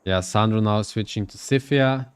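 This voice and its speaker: A man's voice: lowish voice, moderate pace, slight background noise. A man casting a live strategy game match, giving loose, thinking-aloud play-by-play. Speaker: esports caster.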